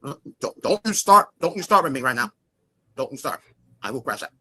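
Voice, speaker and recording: A man's voice: medium pitch, big pitch swings, fairly quick, sharp tone. A man as a guest in a heated argument, angry and swearing, repeating himself over and over.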